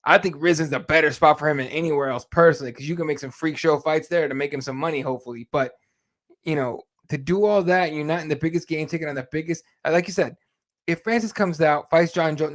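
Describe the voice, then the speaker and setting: A man co-hosting a fight podcast in casual chat, swearing freely and telling animated stories. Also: on the high side, quick pace. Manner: animated storyteller, swears a lot, laughs at own stories. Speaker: MMA podcast co-host. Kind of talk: casual profane chat, reading viewer comments.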